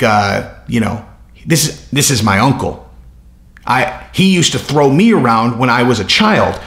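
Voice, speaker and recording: A man's voice: medium pitch, fairly bright tone, roomy sound. A man voicing an impressionable young male fighter who reasons in a rambling, hesitant way.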